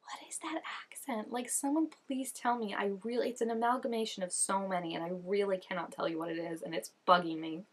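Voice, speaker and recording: A young woman does casual reaction commentary in a mid-range voice with fairly even intonation. She talks fast with few pauses, chatty and full of "like," gasping and exclaiming as she watches.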